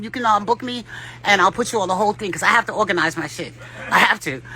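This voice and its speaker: A woman's voice: mid-range voice, pushed and bright, slightly rough. A woman vlogger giving rambling, profane spiritual advice in a casual talk, often laughing.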